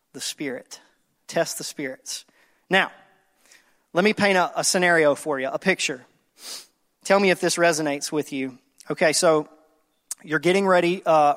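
A man's voice: on the high side, fairly bright tone, in a large hall. A man preaching a sermon conversationally, checking in with listeners and acting out everyday scenes with rising intensity.

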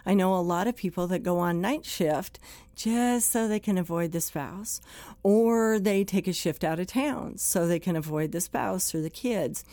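A woman's voice: medium pitch, dark tone, no room sound. A woman hosting a podcast for first responders, giving plainspoken advice in a conversational way and acting out quoted complaints.

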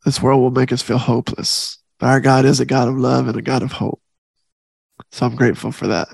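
A man's voice: medium pitch, steady tone, brisk, gravelly, a little mellow, breathy edge, no room sound. A middle-aged man hosting a faith podcast, speaking earnestly and from the heart, repeating key phrases for emphasis. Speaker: podcast host.

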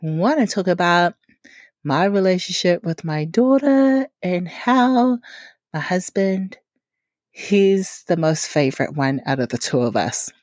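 A woman's voice: on the low side, sing-song, slow pace, a little mellow, no room sound. A woman, hosting her own podcast in a chatty, giggly, rambling way. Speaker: podcast host. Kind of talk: casual solo podcast chat.

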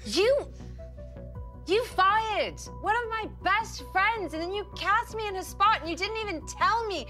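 A woman's voice: extremely high pitch, lively intonation, takes it slowly, a bit bright, faint music behind, voice pushed up, exaggerated voice. A woman voicing a furious young woman who delivers an accusing tirade against a powerful man. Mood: outraged.

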